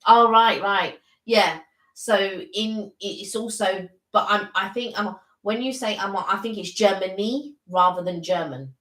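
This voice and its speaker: A woman co-hosting a relaxed live stream, chatting as the thoughts come to her, with a mid-range voice. She sometimes moves into slow, searching French. The sound is echoey, like a bare room at home. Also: medium pitch. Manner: chatty, thinks aloud while talking; switches into halting French at times. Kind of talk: casual live-stream chat.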